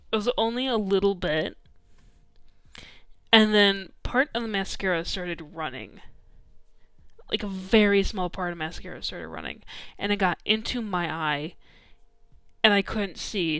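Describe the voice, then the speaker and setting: Chatty young woman, smooth clear voice. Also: medium pitch, fairly bright tone, no room sound, clean studio sound. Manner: chatty, peppered with "like" and "um", laughing often. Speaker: streamer. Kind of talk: casual storytelling chat.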